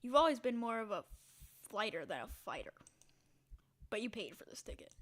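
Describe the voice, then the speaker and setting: A woman with a fairly high voice narrates a text game aloud, giving the prose a dramatic reading. Now and then she drops into a whisper, and she breaks off between passages with quick spoken asides. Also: big pitch swings. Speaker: game streamer.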